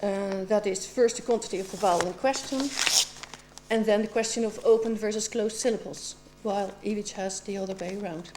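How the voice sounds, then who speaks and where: A woman's voice: mid-range voice, background noise. A middle-aged woman asking formal, precise questions as an examiner at a doctoral defense. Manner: measured and precise, with occasional ums.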